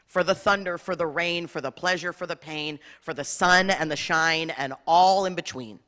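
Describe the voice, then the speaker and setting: A woman rabbi delivers an impassioned sermon in a bright, forceful voice. She builds rhythmic lists and swells into emphatic peaks, and her words ring with the long reverb of a large hall. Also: fairly low pitch, normal speed. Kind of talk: sermon with personal storytelling. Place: large spiritual center hall.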